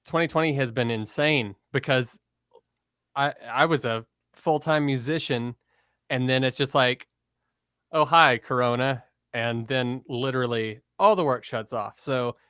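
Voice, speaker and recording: A man's voice: mid-range voice, measured pace, fairly bright tone, smooth, no echo, clean studio sound. A man co-hosting a casual podcast, easygoing and talkative. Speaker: co-host. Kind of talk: casual chat.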